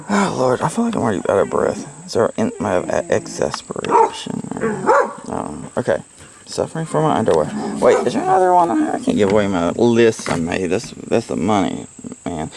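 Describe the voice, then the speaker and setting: A man rambles through a casual book report at home, cursing now and then and cracking himself up. His voice is low and gravelly. He talks with a lively, wandering pitch. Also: background noise. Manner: rambling, profane, laughs at own jokes. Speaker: book reviewer. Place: at home, with pets around.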